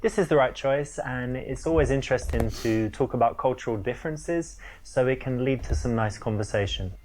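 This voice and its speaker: A man's voice: mid-range voice, normal speed, darkish tone. A man coaching on dating in a confident, plain instructional style. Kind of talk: instructional advice to camera.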